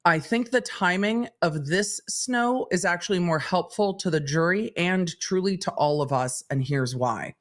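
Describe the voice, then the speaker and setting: A woman's voice: on the low side, a little slow, few pauses. A woman hosting a live stream who comments on courtroom testimony, thinking aloud in an analytical, conversational way. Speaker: legal commentator host.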